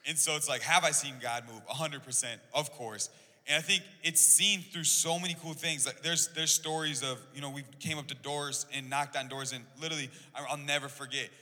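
An excitable young man talks quickly in a casual church podcast, peppering his sentences with "like". His voice is bright and forward. The room rings with a long echo. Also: fairly high pitch. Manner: excitable, heavy use of "like". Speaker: church volunteer.

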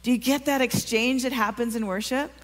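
A woman's voice: on the high side, steady tone, fairly quick. A woman preaching a sermon to a church congregation, earnest and encouraging, often asking the listeners questions. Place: church sanctuary. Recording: long reverb of a large hall.

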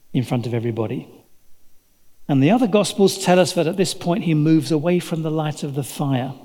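Man, preacher, dramatic storytelling sermon, fairly high voice, long reverb. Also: darkish tone.

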